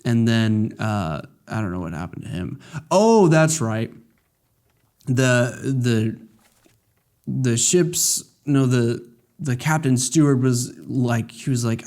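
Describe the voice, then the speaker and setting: A man's voice: mid-range voice, animated, takes it slowly, a little mellow. Rambling man recapping a game story. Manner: rambling, jokey story recap with many fillers. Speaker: let's play gamer. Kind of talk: casual gameplay commentary.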